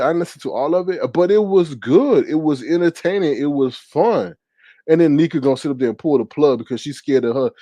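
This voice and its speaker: A man hosting a livestream, reading chat and gossiping in a sassy, animated way, often laughing and jumping into high mocking tones. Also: no room sound. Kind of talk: casual gossip commentary.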